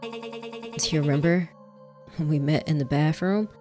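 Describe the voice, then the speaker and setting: Breathless young woman in danger, played by a woman, pleading urgently; low, pushed voice. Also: animated, unhurried, darkish tone, soft background music.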